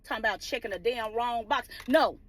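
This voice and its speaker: A woman sits in her car delivering an impassioned rant about legal news, cursing freely and throwing out rhetorical questions. She's a vlogger with a voice on the higher side and a brisk delivery.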